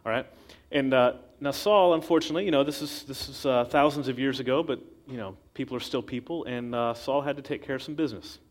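A man's voice: mid-range voice, fast talker. A man preaching a sermon in a casual, storytelling way, acting out the quotes he tells. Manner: conversational storytelling with acted quotes.

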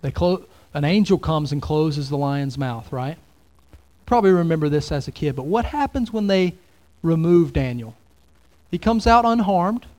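A male pastor with a voice slightly higher than most men's preaches at normal speed. He addresses his congregation relaxedly and conversationally, posing many rhetorical questions.

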